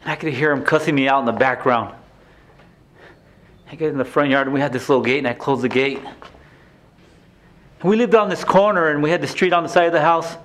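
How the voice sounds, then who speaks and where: Guy acting out a haunted ex-con telling his story on stage, high voice, goes from quiet to yelling. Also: a little fast, pauses often, close to an everyday voice. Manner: emotional, swings from hushed to shouting. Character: grown man, former abused son, intense and haunted. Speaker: stage actor playing an inmate. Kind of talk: theatrical stage monologue.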